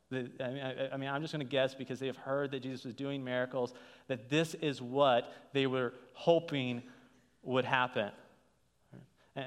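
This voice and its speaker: A man's voice: fairly high pitch, fairly bright tone. A man preaching a sermon as a pastor, talking in a conversational way with frequent restarts and rhetorical "right?" checks. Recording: long hall reverb.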